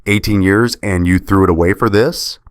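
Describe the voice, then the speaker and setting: A man voicing a betrayed wife who shouts out her anguish in a dramatized story. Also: sits low, steady tone, moderate pace, no echo, close to an everyday voice. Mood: furious. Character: betrayed middle-aged wife, furious.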